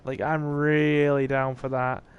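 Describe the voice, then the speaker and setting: A man's voice: mid-range voice, flat delivery, measured pace, clear, resonant tone, muffled recording. A man streaming a horror game, chatting casually with viewers and reading their comments aloud with jokey asides. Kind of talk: laid-back livestream commentary.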